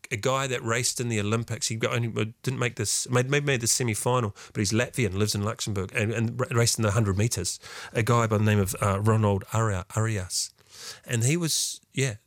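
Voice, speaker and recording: A man's voice: medium pitch, no echo, studio quality. A middle-aged man hosting a podcast, chatting casually and rambling through his thoughts with many fillers and restarts. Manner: halting, rambling, lots of fillers. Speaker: podcast host. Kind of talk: casual chat.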